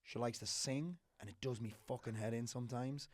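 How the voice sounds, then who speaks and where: A man's voice: medium pitch, brisk, dry recording, studio quality. A middle-aged man, a business coach on a podcast, chatting casually, swearing freely and joking. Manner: swears freely, animated and jokey.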